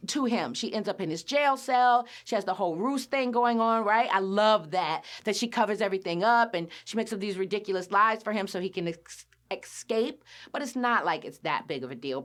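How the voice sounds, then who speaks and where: A woman hosting a podcast, casually recapping a cartoon episode and acting out the characters' lines with lots of laughs. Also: mid-range voice. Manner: animated storyteller, acts out characters' lines, laughs often.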